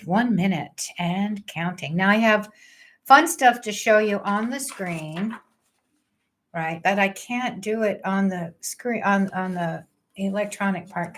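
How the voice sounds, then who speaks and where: An older woman astrologer chatting casually on a livestream, thinking aloud and joking about her trouble with the technology. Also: medium pitch.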